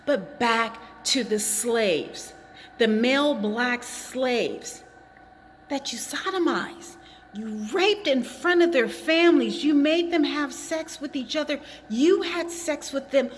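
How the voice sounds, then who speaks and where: A woman's voice: sits high, takes it slowly, long reverb tail, slight background noise. A woman talking straight to the camera in an impassioned monologue, with emphatic, accusatory phrasing and pointed repetition. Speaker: vlogger.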